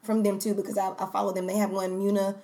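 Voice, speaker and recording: A woman's voice: medium pitch, fast talker. Playful woman co-host on tangents. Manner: animated, playful, goes off on tangents. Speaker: podcast co-host. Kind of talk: casual chat.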